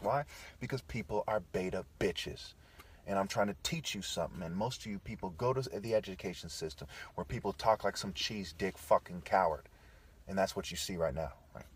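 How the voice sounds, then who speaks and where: A man with a fairly low, slightly rough voice delivers a ranting monologue that is combative, profane and preachy. He keeps tagging his points with "okay" and "right."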